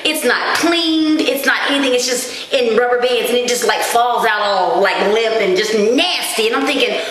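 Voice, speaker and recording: A woman's voice: a little high, moderate pace, few pauses. Chatty woman in an echoey room. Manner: chatty, animated, self-mocking. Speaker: vlogger. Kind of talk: casual chat to camera. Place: small dim room at home.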